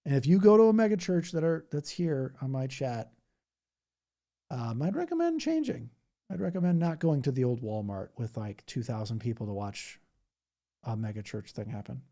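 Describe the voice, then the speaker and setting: A man's voice: medium pitch, lively intonation, normal speed, mellow. Rambling, laughing male streamer. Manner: rambling, laughing, mocking impressions. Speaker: livestream host. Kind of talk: casual chat reacting to viewer comments.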